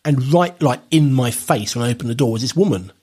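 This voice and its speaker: A man's voice: mid-range voice, lively intonation, brisk, warm tone, breathy edge. A man in casual chat, telling a dry, wry anecdote with hesitant restarts.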